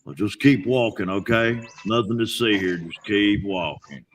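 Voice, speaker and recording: A man voicing a bored, surly male cartoon dog who talks in a gruff, dismissive way. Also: on the low side, measured pace, far from the mic, a little hiss or hum, close to an everyday voice.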